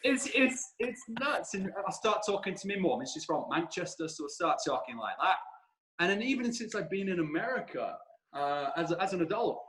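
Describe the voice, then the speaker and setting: British man, podcast guest, animated storyteller, slightly high pitched voice. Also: normal speed, rough recording. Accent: British, shifting between regions. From England. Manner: animated storyteller, many restarts. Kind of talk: casual conversation.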